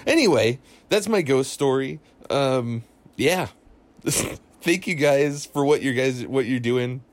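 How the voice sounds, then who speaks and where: A young man tells a ghost story in a rambling, casual way, his pitch swinging widely as he goes. He stumbles through fillers and restarts, never quite settling on a line. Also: no room sound. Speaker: listener calling in a story.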